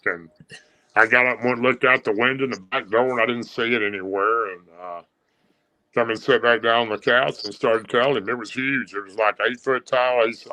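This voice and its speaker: A man's voice: mid-range voice, fairly even intonation, brisk, bright, forceful tone, no echo, low-quality recording. A man with a Southern US accent, a guest telling a long story with many fillers and restarts. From Tennessee.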